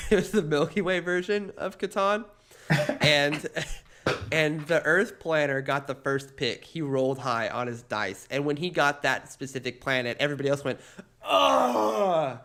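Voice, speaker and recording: A man co-hosting a comedy podcast in casual chat, animated and laughing often mid-sentence as he tells playful stories. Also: fairly high pitch, moderate pace, slight background noise. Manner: playful storytelling. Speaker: podcast co-host.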